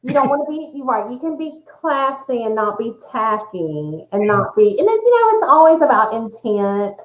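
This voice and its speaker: A woman's voice: on the high side, big pitch swings, normal speed. A woman, a nurse, joining a casual chat show as guest co-host and teasing the hosts playfully. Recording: roomy echo, faint background noise.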